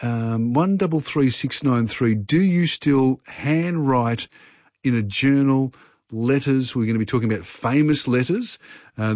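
A man with an Australian accent hosting early-morning talk radio in a relaxed, chatty manner with many fillers. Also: medium pitch, no echo. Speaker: radio show host. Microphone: studio mic. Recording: dry, slightly dull broadcast.

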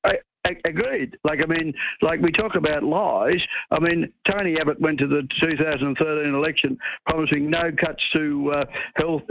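An Australian man calls a radio show and airs his opinions in halting speech full of ums. His voice is gravelly with a lot of fry, and it comes through a dull, lo-fi phone line that sounds dry. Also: a little high, no room sound. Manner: hesitant, many ums, opinionated. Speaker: caller.

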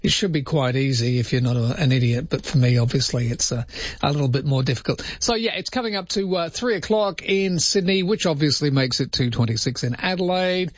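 A man's voice: on the high side, a little fast, no echo. Jokey male overnight radio host. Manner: jokey, mock-incredulous, puts on comic accents. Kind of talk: casual talk radio banter. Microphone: studio microphone, dry. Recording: muffled broadcast audio.

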